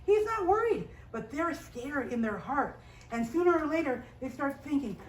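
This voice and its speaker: A young woman telling a Bible story to a children's class, animated and asking the children questions. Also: high-pitched, normal speed. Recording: echoey room, voice from a distance, faint hiss. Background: children's group.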